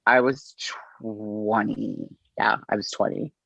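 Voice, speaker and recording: A middle-aged man, an interview guest, telling his story in an unhurried, halting way and acting out the exchanges he quotes. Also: fairly low pitch, steady tone, gravelly, fairly bright tone. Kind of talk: conversational storytelling. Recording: dull, slightly lo-fi audio.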